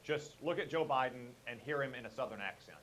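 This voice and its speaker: A man speaking as a political guest in a radio interview, arguing his points in a measured way with frequent fillers. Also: medium pitch, a bit bright, slight background noise, poor audio.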